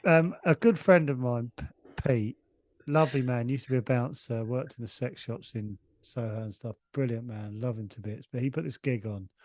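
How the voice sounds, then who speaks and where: At a moderate pace and in a slightly mellow, mid-range voice, a middle-aged English comedian guest rambles through a casual anecdote, frequently starting over and chuckling.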